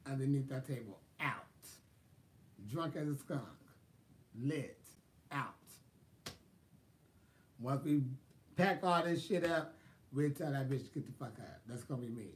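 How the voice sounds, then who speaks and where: A man telling stories in a casual vlog, sassy and animated, laughing often. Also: mid-range voice, a little slow, long pauses. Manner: sassy, animated, laughs often, quotes people in exaggerated voices. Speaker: vlogger. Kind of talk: casual storytelling chat.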